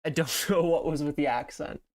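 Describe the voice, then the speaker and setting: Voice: mid-range voice, moderate pace. A streamer chatting casually to viewers while drawing, greeting them by name, with rambling asides.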